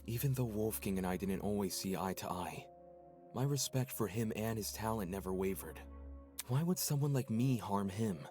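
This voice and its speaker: Casting: actor as a smooth, composed male suspect, low voice, measured, game score under. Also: dark tone, soft background music, lightly acted.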